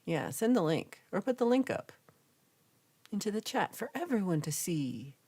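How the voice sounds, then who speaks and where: A young woman hosting a casual livestream, reading viewer comments aloud and chatting in a lively, reactive way. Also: mid-range voice, moderate pace, breathy edge. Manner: chatty, reacts with gasps and laughs, animated. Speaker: livestream host reading chat.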